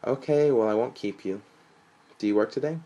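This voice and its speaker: A man voicing a chatty middle-aged mother with a melodic voice, lifting his own low, husky voice higher into a sing-song tone. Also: moderate pace, dark tone, dull audio, close to an everyday voice. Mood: cheerful.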